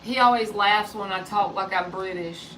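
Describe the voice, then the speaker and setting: A woman's voice: mid-range voice, normal speed, fairly bright tone, recorded from a distance, poor audio. Woman, forties, casual joking live-stream chat, tarot reader, slightly off-mic, faint background noise. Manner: chatty and joking, relays off-mic remarks.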